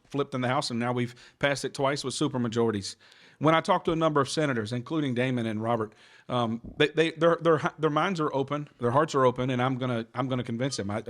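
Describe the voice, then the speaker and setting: A male state legislator speaking earnestly on a panel, telling stories to argue his case. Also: mid-range voice. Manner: fast, earnest storytelling. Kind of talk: panel discussion.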